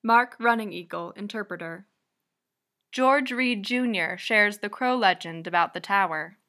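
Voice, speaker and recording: Bright-toned woman narrating. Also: mid-range voice, unhurried. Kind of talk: scripted narration.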